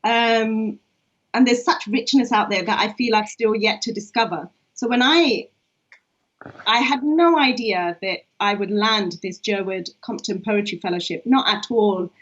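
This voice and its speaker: A woman's voice: mid-range voice, measured pace, a bit bright. A woman poet, talking in a reflective, chatty way with many fillers over a video call. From England. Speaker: poet and co-host. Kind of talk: casual online conversation. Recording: dull lo-fi online stream.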